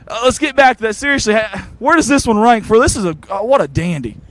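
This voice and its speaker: A man, reporting from the sideline of a football field after a game and interviewing people with eager, warm praise. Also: high-pitched, quick pace. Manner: excited, warm toward players, repeats "I'm gonna tell you something".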